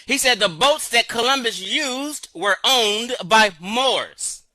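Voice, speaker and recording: Tense, bright-toned male reactor with a slangy delivery, dry sound. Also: very high voice, animated, slow, dry recording, faint music behind, poor audio. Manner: slangy, says "bro" and "man". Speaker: commentator reacting to a video. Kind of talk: casual reaction commentary.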